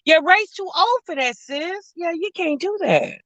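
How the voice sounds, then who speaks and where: With an extremely high, expressive voice and a fairly bright tone, a woman hosts a casual chat stream reacting to reality TV. She's chatty and sassy at a measured pace, saying sis and y'all to viewers. The recording is dull, lo-fi and dry, with no room sound.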